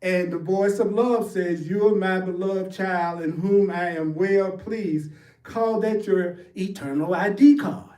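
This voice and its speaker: A man's voice: sits high, fairly even intonation, unhurried, dark tone, distant mic. A man giving a spiritual teaching talk, emphatic and repetitive, calling out to his audience to answer back. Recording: echoey room, voice from off-mic.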